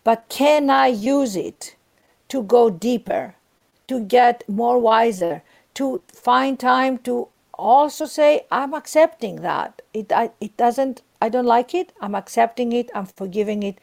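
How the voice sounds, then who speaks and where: A woman's voice: on the high side, slow pace, gravelly, darkish tone. A woman guest on a podcast, earnestly giving spiritual advice and encouragement, often repeating herself.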